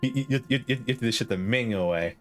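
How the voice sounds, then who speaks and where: A man's voice: mid-range voice, fast, a bit bright, faint music behind. A young man streaming a game, joking, laughing and swearing in casual, rambling commentary.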